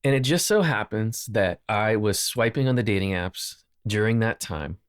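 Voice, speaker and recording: Guy doing a solo podcast, earnest and slow, goes back over his words, dry close sound. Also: fairly low pitch, expressive, clean tone, no room sound. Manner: earnest, unhurried, repeats phrases for emphasis. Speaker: podcast host. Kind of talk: reflective solo podcast talk. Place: lives in Nashville.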